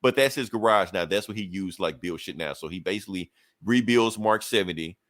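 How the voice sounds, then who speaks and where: A man's voice: on the low side, fairly quick, fairly bright tone, no room sound. A man co-hosting a podcast, casually recapping a comic book in a loose, profane storytelling way with lots of filler asides. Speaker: podcast co-host reviewing comics.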